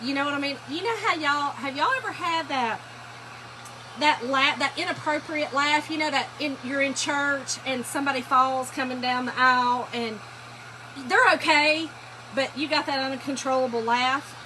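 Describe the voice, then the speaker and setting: Brief: talkative woman, high voice, casual livestream host, workshop sanding noise behind. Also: normal speed. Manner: chatty, laughing storyteller, addresses viewers as y'all. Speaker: furniture painting livestream host. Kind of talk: casual livestream chat to viewers.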